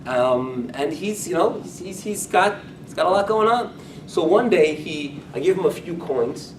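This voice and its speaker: A man with a fairly high voice gives a rabbi's Talmud class in a casual, conversational way, often repeating and restarting phrases as he explains. He is recorded from some distance in a reverberant room. A faint background rumble sits under his voice. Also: lively intonation, a little slow. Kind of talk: lecture-style Talmud class. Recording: echoey room, speaker far from mic, faint rumble.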